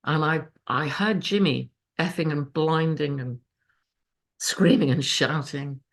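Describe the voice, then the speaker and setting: Woman, lowish voice, raw emotional recovery share, swears, video call. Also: takes it slowly. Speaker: speaker sharing her recovery story. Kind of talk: personal testimony at a support meeting.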